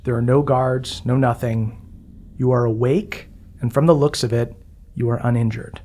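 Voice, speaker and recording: A man's voice: mid-range voice, fairly even intonation, normal speed, dark tone. A man narrating as game master of a tabletop game, laughing often and keeping things light. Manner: laughs often, upbeat and joking.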